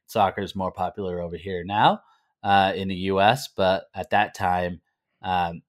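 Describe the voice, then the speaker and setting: Guy with an american accent, grew up in northern england, low voice, rambly with lots of um and like. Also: fairly bright tone. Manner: rambling, many fillers and restarts. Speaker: guest. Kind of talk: conversational interview.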